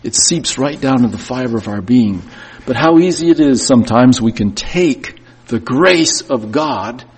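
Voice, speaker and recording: A man's voice: medium pitch, expressive, unhurried, vocal fry, breathy edge. A man preaching a sermon and telling a hard story in the first person, his voice swelling and dropping with emotion. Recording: long reverb of a church hall.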